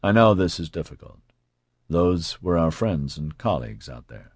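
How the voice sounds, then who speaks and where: A man voicing a steady male admiral who speaks calmly and in measured tones. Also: low-pitched, slightly rough, no room sound, clean studio sound, heavily acted. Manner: calm, measured.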